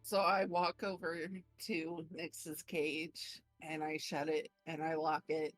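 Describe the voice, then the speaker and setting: A woman's voice: deep voice, level tone, slow pace, no room sound, faint music behind. A woman playing a tabletop role-playing game, describing her character's actions with a giggly manner. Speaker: player.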